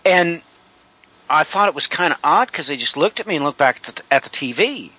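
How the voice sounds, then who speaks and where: Bright-voiced man telling a rambling story. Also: fairly high pitch, lively intonation, husky, low-quality recording. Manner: rambling, with many drawn-out "uh" fillers. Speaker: home builder. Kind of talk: personal storytelling in an interview.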